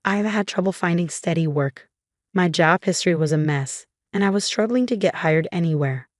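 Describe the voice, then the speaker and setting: A woman's voice: lowish voice, normal speed, no echo, studio quality, natural voice. A woman voicing a stern, loyal young male employee, earnest and serious, in a storybook narration.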